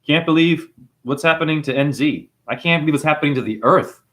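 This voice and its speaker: This livestreamer, a man with a New Zealand accent, has a fairly high, bright voice and talks fairly quickly. Reading out chat, he goes on in a rambling, preachy way, calling people "honey."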